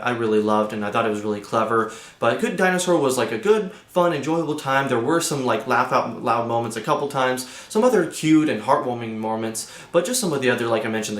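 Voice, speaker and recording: Chatty young man in an echoey room. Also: mid-range voice. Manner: chatty, loose, many fillers. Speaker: movie reviewer host. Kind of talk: casual spoken review.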